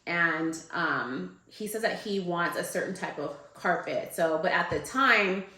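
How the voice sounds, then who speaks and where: Chatty low-voiced woman, echoey room. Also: animated, a little slow, sharp tone. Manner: loose and chatty, full of "like" and "um". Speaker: guest. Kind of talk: casual storytelling.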